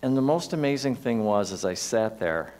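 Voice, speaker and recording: A man's voice: on the low side, animated, moderate pace, a little mellow. A man giving a sermon in a church, telling a personal story in a conversational way with shifting emphasis. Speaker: minister. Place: church sanctuary.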